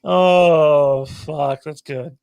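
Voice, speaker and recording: A man's voice: a little high, steady tone, drawn-out words, a little mellow, no echo. A man co-hosting a casual streamed chat show, joking and laughing as he reads out the live chat. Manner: laid-back, jokey, often laughing. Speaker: podcast co-host.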